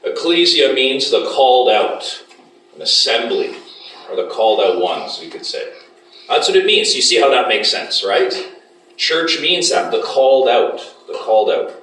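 A man's voice: mid-range voice, sing-song, a little slow, a bit bright, a little hiss or hum. A man teaching a Bible class as a lecture, often putting questions to the class. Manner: asks the class frequent questions. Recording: echoey room from a distance.

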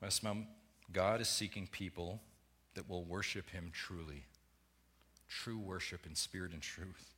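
A man preaching a sermon as pastor, emphatic, swinging between hushed lines and loud ones. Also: deep voice, fairly even intonation, a little slow, pauses often, husky.

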